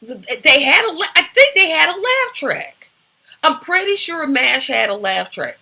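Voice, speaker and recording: A woman's voice: a little high, sharp tone. A woman hosting a casual solo talk show, opinionated and rambling with many fillers. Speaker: host.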